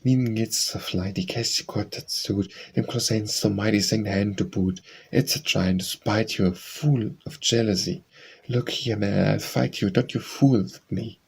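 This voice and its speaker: A man's voice: on the low side, steady tone, normal speed, gravelly, a little hiss or hum. A man reading poems aloud for an audiobook, reciting dialect verse in a rhythmic sing-song. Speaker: audiobook reader.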